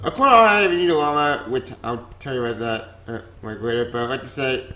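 A man hosting a vlog, ranting in exasperation and jumping between low mutters and sudden high outbursts. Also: fast talker, bright, forceful tone. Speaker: comic book vlogger.

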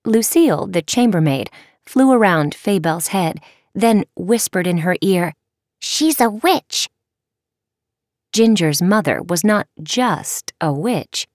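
A woman narrating a children's audiobook with expressive, measured storytelling. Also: lowish voice, no room sound, clean studio sound. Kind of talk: scripted narration.

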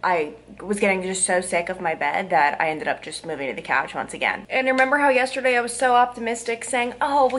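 Casting note: a young woman in her twenties, chatty vlogger, a mid-range voice, filler-heavy and expressive. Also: medium pitch. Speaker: TV news reporter and vlogger. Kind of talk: casual vlog talk to camera.

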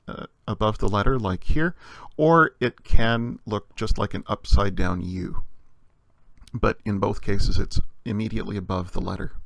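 Gravelly, low-voiced male teacher. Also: a bit bright, no room sound. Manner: patient and explanatory, frequent "uh" fillers. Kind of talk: recorded language lecture.

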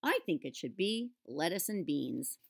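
A woman's voice: sits low, very animated, measured pace, creaky, exaggerated voice. A woman reading aloud and voicing Posy, a bossy young female character who speaks firmly.

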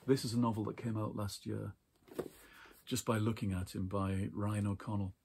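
A man casually chatting about books from his shelves, rambling warmly with fillers and small laughs. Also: lowish voice, flat delivery, normal speed, gravelly, a little hiss or hum. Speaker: book vlogger. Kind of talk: casual book chat and reading aloud.

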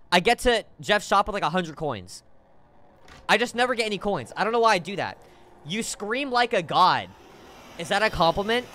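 A man streaming a game live, talking to his chat in an excitable, joking way with sudden shouts. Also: high voice, slight background noise.

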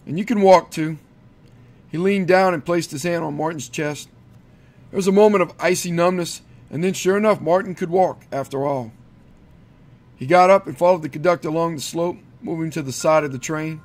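A male narrator reading a horror story aloud in a measured, steady storytelling manner. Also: fairly high pitch. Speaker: audiobook narrator.

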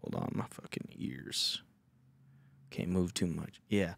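Man, podcast host, low-pitched, dry close mic, profane rambling chat. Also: takes it slowly, gravelly, no room sound. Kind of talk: casual chat.

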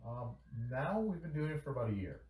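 An upbeat man hosts a casual podcast and keeps the talk moving. His voice sits at an ordinary male pitch. His voice rings in a roomy space. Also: very animated, a little fast, far from the mic, over a noisy crowd. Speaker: podcast host taking calls. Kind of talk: casual chat.

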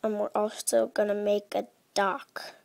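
A woman casually talking through her gameplay into her own desk mic, chatty and halting, often dropping to a hush. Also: medium pitch, level tone, gravelly, no room sound. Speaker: gaming vlogger. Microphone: own desk microphone.

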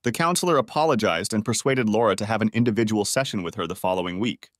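A man narrating a story audiobook in an even, matter-of-fact scripted reading. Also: fairly low pitch, fast, no echo, clean studio sound.

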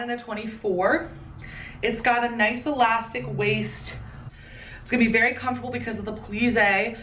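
A woman in her thirties giving a chatty, playful fashion haul commentary with quick asides. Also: mid-range voice, fairly bright tone, roomy sound, recorded from a distance, a little hiss or hum. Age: 30s. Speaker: fashion vlogger.

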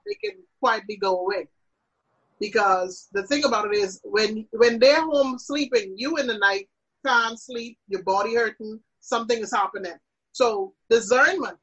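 A woman's voice: fairly high pitch, fairly bright tone, slightly rough, rough recording. A woman minister teaching about prayer in an interview, with an emphatic, preacherly delivery.

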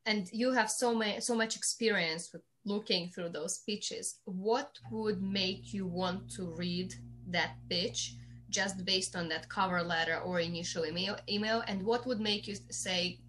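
A woman's voice: mid-range voice, measured pace, fairly bright tone, slight background noise. A woman interviewer asking polite, carefully phrased questions.

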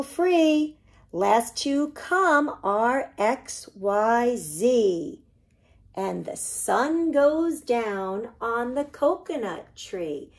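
A woman, a children's librarian, reading a picture book aloud to preschoolers with animated, singsong storytelling. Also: a little high. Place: library program recorded for online viewing.

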